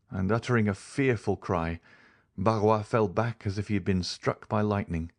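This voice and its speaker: Deep-voiced male audiobook narrator. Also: moderate pace, dry recording, studio quality. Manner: steady, even storytelling. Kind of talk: scripted narration.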